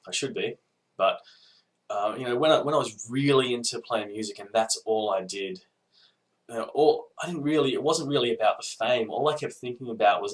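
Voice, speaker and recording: A man's voice: on the low side, poor audio. A man with an Australian accent talking casually to camera in a video response, hesitant and laid-back, with many ums and restarts. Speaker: podcast listener giving a video response. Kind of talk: casual rambling monologue.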